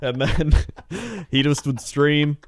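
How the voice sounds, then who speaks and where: A man's voice: on the high side, animated, slow. Laughing man telling rambling stories. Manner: rambling storyteller, laughs often, acts out quotes. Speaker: podcast co-host. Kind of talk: casual chat.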